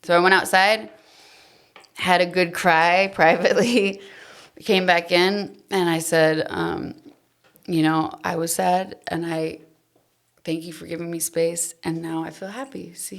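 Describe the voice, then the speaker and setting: Candid female podcast guest, deep with fry, confessional storytelling. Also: fairly even intonation, measured pace. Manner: emotional, confessional, trails off softly.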